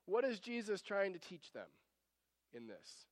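A man's voice: sits high, sing-song, unhurried, dry recording, in a large hall. A man preaching a sermon, reading scripture aloud and acting out the disciples' pleas in varied voices. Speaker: pastor. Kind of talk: expository sermon.

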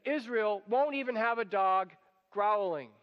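A man with a very high voice preaches a sermon, lively and dramatic, briefly acting out the people he quotes. His voice rings with a long hall reverb. The recording sounds dull and muffled. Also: a little slow. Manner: animated, acts out quoted voices.

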